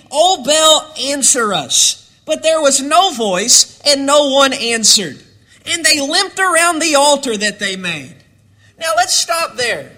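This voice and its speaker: A man preaching a sermon, building to dramatic shouts and then dropping low.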